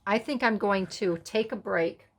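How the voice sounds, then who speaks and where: Slow-talking, chatty middle-aged woman. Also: medium pitch, vocal fry, slight background noise. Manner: chatty, rambling, self-amused asides. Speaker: craft video host. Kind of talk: casual crafting tutorial chat.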